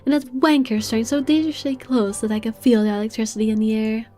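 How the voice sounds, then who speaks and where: Lady voicing a proud tired young guy, mellow, slow dramatic read, little music behind. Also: on the high side, fairly even intonation, close to an everyday voice. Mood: brooding. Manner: measured, dramatic reading. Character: proud young man, weary and aloof. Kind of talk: reading game narration aloud. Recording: faint game music behind.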